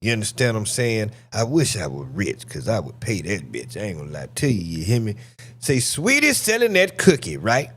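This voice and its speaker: A man hosting a live stream, reacting to clips and chatting casually with his audience in a loud, profane, joking way. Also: on the low side, brisk, a little hiss or hum. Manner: excited, profane, laughing banter with chat.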